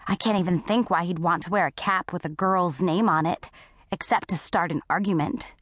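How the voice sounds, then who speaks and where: A woman narrating a first-person audiobook story in a scripted, unhurried way. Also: lowish voice, a bit bright, no echo.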